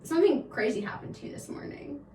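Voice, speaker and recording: A playful young woman co-hosting a podcast, with a high voice that swoops up and down a lot. She teases and banters in easy chat. The recording sounds roomy and a little distant, with faint hiss. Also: expressive, fast talker, darkish tone. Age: 20s. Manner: playful, teasing, sing-song. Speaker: podcast co-host. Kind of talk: casual chat. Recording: roomy echo, from off-mic, faint noise.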